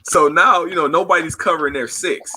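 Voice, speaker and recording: A man hosting a casual group chat, telling stories with lively acted-out quotes and frequent laughter. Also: a little high, fairly quick, slight background noise. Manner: animated storytelling, acts out quotes, laughs often.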